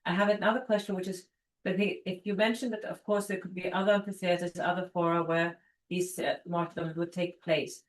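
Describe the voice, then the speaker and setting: A woman's voice: fairly low pitch, level tone, brisk, a little hiss or hum. A woman in the audience of an academic Q&A, asking an eager, rambling question. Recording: echoey room.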